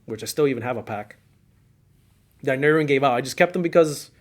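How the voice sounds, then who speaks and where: A man's voice: medium pitch, fast talker. A middle-aged man with a Cuban accent hosting a casual podcast, telling old car-scene stories with lots of laughter and acted-out quotes. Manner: animated storyteller, laughs often, acts out quotes. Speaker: podcast host.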